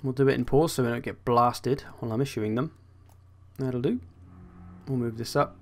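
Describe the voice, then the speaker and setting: A man's voice: medium pitch, normal speed. A young man giving casual, wry commentary as he plays a strategy game, thinking aloud as he goes. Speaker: gaming channel host.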